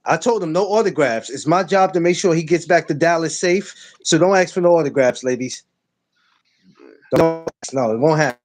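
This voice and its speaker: A man hosts a casual podcast, his voice sitting high for a man. He jokes loudly and hammers his lines home by repeating them. The talk is loose, teasing banter. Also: fairly quick, hardly any pauses, faint music behind. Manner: loud, joking, repeats himself. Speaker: podcast host.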